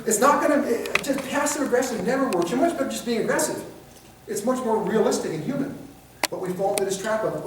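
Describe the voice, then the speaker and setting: A man with a high-pitched, lively voice talks fast as he teaches a de-escalation training class, lecturing animatedly and acting out examples in mocking voices. Background noise can be heard, and the recording was made from far off in an echoey room.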